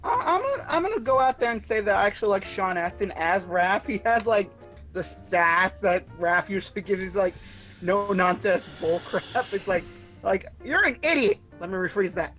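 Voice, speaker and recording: A woman in casual livestream chat, quick and playful. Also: medium pitch, a bit bright, faint music behind, rough recording.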